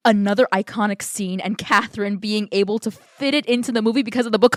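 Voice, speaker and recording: Woman, podcast co-host, gushing, playful, excitable, dry close sound. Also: medium pitch, quick pace, few pauses, dry recording. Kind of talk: casual film review chat.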